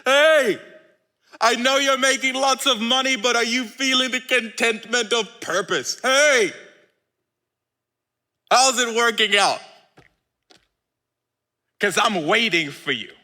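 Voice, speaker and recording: A man's voice: very high voice, slow, pauses often, sharp tone, pitched above the performer's own voice, full character voice. A man voicing Jesus as a playful man who teases his friends with coaxing questions. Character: Jesus, gentle teasing man calling to friends.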